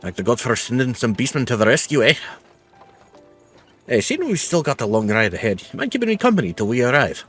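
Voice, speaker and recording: A man voicing a chatty old male peddler in a game, with a folksy put-on accent and rough homespun speech. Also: medium pitch, lively intonation, fast talker, faint music behind, natural voice. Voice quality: folksy drawl, calls people lass.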